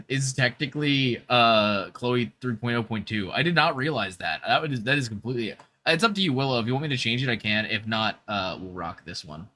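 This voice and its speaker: A man's voice: medium pitch, sharp tone. A young man chatting casually on a gaming livestream into a desk mic, upbeat and full of fillers. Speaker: VTuber streamer.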